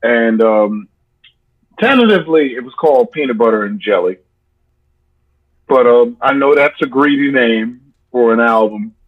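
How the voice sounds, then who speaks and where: This musician, a guest on an interview, speaks at a measured pace with an animated, medium-pitched voice and long pauses. His talk is casual, rambling and playful, full of joking nicknames, and the audio is dull and lo-fi.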